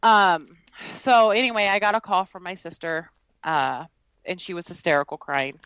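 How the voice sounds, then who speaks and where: A woman telling a personal story in an earnest, halting way, with frequent fillers. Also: lowish voice, animated, fairly bright tone, clean tone, dry recording, lo-fi sound. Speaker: guest. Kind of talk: personal storytelling in a podcast conversation.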